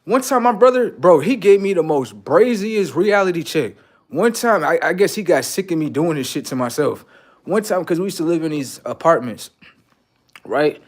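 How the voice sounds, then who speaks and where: Blunt, profane man ranting on stream. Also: normal speed. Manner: blunt, profane, lecturing viewers as "sir"; animated, swings between loud outbursts and low mutters. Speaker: livestreamer giving relationship advice. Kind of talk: casual livestream monologue.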